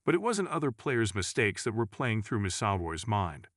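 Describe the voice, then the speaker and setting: A man narrating a sports news piece in a lowish voice that swings widely up and down, leaning hard on key words for drama. The sound is close and dry, with no room around it. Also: very animated, normal speed, fairly bright tone, dry recording. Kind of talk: scripted sports article narration.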